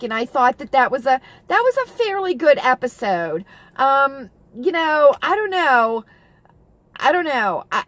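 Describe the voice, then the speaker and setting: A middle-aged woman talks chattily to her viewers, wandering from thought to thought with lots of fillers and restarts. Her voice sits a little on the high side, and she gushes with feeling. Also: no room sound. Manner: gushing and emotional about TV shows. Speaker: vlogger. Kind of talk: casual chat to camera.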